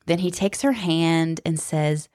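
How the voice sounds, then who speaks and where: A woman's voice: low-pitched, slow pace, a little mellow, no echo, studio quality. A woman in her thirties giving blunt, sarcastic spoken commentary, swearing freely. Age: 30s. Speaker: book commentator.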